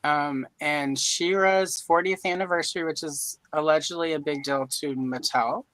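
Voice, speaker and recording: A woman's voice: sits low, fairly even intonation, moderate pace, a bit bright, dry recording, poor audio. A woman from Louisiana hosting a casual live-stream chat, joking and rambling with self-deprecating asides. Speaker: host. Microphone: video call mic.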